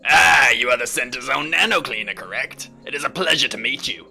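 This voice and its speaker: Casting: man voicing a loud, formal, slow-talking villager for a game playthrough, gravelly and bright. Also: medium pitch, faint music behind. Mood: hearty. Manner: loud, slow, pompous welcoming with hearty laughs. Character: overly cheerful reset villager, male, formal. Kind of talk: reading game dialogue aloud.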